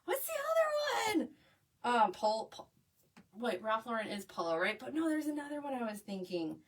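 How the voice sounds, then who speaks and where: A woman's voice: a little high, animated, moderate pace, far from the mic. Bubbly woman teaching a craft. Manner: bubbly, chatty, gushing. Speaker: craft instructor. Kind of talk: live crafting tutorial, chatting with viewers. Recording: voice a bit away from the mic.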